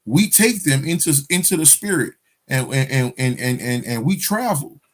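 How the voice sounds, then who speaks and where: A man's voice: medium pitch, lively intonation, moderate pace, natural voice. A man voicing a sweet-talking, motherly female river spirit who coaxes and calls him boy. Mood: coaxing.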